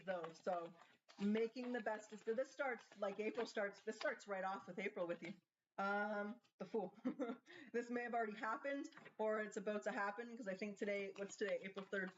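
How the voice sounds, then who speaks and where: A woman's voice: medium pitch, fairly even intonation, normal speed, a little hiss or hum. A woman doing a casual tarot card reading, chatting and thinking aloud as she asks the cards questions. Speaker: tarot reader. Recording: slightly dull lo-fi sound.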